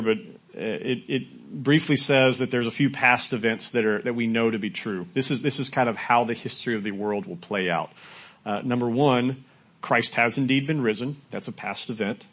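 A man preaching a sermon in a conversational way, asking the congregation questions and at times rising to loud, shouted quotes. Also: mid-range voice. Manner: rises to loud shouting when acting out quotes. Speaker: pastor.

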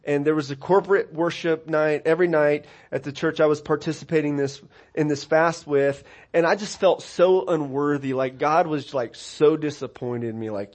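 Earnest pastor with a higher voice. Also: male voice, steady tone, moderate pace. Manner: earnest, builds to emphatic peaks then drops soft and personal; repeats words and restarts mid-phrase. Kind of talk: sermon.

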